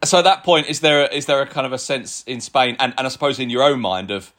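A man's voice: medium pitch, quick pace, a bit bright. A man interviewing a guest in a casual, conversational way, prompting him with questions.

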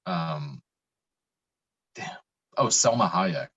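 A man's voice: sits low, lively intonation, very slow, fairly bright tone, slightly rough. A man hosting a casual chat, hesitant and full of fillers as he asks questions. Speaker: host.

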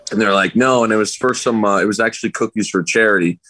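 Deep-voiced man telling a story. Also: quick pace, low-quality recording. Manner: animated anecdote teller, acts out other people's lines. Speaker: podcast guest. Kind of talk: casual storytelling. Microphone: remote call.

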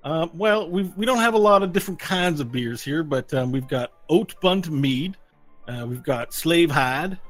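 A man voicing an overeager male tavern proprietor with a Texan accent, stammering and loud as he pushes drinks on his guests. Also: fairly high pitch, expressive, moderate pace, soft background music, voice pushed up, natural voice. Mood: pushy. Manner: loud, stammering, pushy hospitality.

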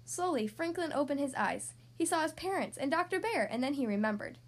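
A woman reading a children's storybook aloud in a gentle, expressive manner. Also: sits high, fairly quick.

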